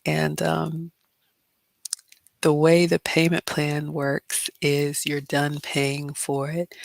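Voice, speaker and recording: Hosting a relaxed livestream Q&A, this middle-aged immigrant woman offers chatty advice full of filler words. She has a low, creaky voice, and there's no echo.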